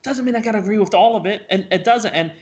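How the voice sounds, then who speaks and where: A man co-hosting a casual political talk show, animated and ranting, who repeats words and restarts often. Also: sits high, fast talker, highs cut off. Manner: laughs often, swears casually. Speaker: co-host.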